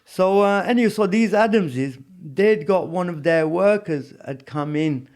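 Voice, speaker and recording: A man's voice: high-pitched, animated, a little slow, a little mellow. A man telling prison stories in a casual interview, rambling with lots of "you know what I mean". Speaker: podcast guest.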